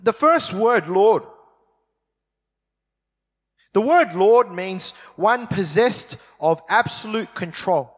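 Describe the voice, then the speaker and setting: A man preaches in a church hall, his voice sitting a little higher than most. He slows right down to press on key words. A long reverb rings behind him. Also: a bit bright. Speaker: pastor. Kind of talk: sermon.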